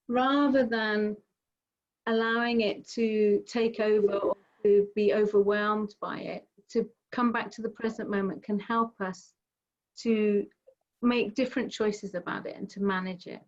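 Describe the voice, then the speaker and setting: A middle-aged woman gently guiding a mindfulness session over a video call, explaining with everyday examples. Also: mid-range voice. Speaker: mindfulness teacher. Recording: slightly dull video call audio.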